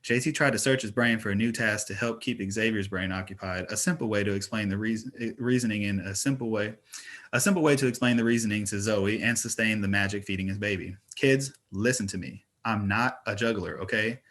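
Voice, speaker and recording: A man narrating a fantasy novel in an audiobook reading, with steady, even storytelling. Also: fairly low pitch, fast talker.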